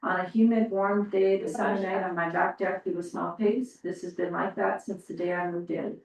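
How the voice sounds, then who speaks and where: A woman's voice: lowish voice, moderate pace, vocal fry. Woman reading a letter at a council meeting. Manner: steady, plain reading. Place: council chamber. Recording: very echoey distant meeting room.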